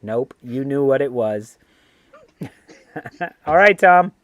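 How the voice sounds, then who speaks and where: A man's voice: mid-range voice, expressive, drawn-out words, a bit bright, no echo. A man hosting a casual trivia game on a fan show, reading clues and teasing players playfully. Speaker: trivia quizmaster and show host.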